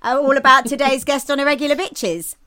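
A woman's voice: high voice, fairly even intonation, a little fast, bright, forceful tone. A woman in her fifties from England, hosting a podcast in a bubbly casual chat, laughing often and swearing freely. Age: 50s. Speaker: podcast host.

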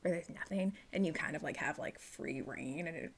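A woman's voice: sits low, normal speed. A woman co-hosting a book podcast in casual chat, swearing freely, laughing often and sometimes talking while she eats. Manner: talks while eating.

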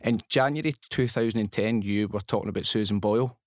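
Scottish man, podcast host, rapid casual talk, low voice, dry close mic. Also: dry recording. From Scotland. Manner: quick, rambling questions, casual slang. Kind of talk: casual interview chat.

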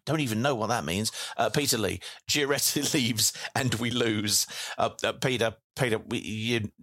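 A man's voice: on the low side, fairly bright tone, dry recording, clean studio sound. A man hosting a casual post-match chat from England, reading out listener messages with lots of fillers and restarts. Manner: reads comments aloud with many fillers and restarts.

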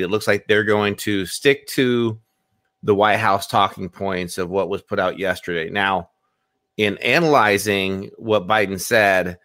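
A man co-hosting a political talk show who explains his points in a measured way. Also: on the low side, sharp tone, no room sound, clean studio sound. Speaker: co-host.

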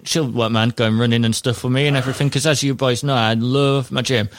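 A man's voice: medium pitch, fairly even intonation, fast talker, no echo, close to an everyday voice. A man putting on a smug Australian tradie. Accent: Australian, as put on. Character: vain, serious young Australian tradesman.

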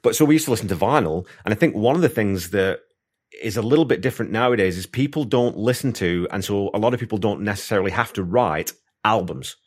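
A man's voice: on the low side, lively intonation, fast talker. A man hosting an interview, chatty and enthusiastic, rambling through his thoughts with restarts. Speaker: podcast host. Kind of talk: casual interview chat.

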